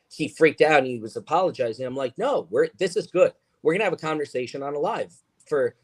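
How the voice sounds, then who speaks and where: A man's voice: medium pitch, darkish tone. Emphatic rambling man, podcast guest. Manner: emphatic, rambling, with many fillers. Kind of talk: casual chat.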